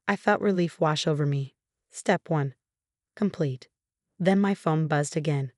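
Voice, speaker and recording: A woman narrating a story in a measured, even way. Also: sits low, dry recording, studio quality.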